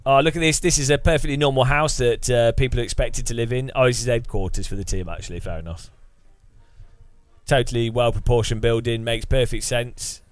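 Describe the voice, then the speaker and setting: A man's voice: medium pitch, steady tone, brisk, no room sound, faint music behind. A man giving casual, sardonic commentary over a game he is playing, muttering asides at a desk mic. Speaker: gaming YouTuber.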